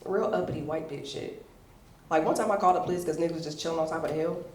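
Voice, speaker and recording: A woman doing a stand-up comedy set at a comedy show, telling stories in a brash, profane, animated way. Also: low-pitched, rapid-fire, a little hiss or hum. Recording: roomy venue sound, mic at a distance.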